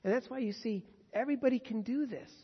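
A man preaching a sermon in an earnest way, swinging between loud emphasis and hushed tones. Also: very high-pitched, fast, slightly rough. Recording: dull sound with long hall reverb.

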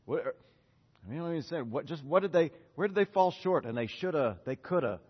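Animated pastor man in a hall. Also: a little high, a little fast, slightly rough. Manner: animated, questions the congregation, acts out prayers. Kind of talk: sermon. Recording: dull reverberant hall.

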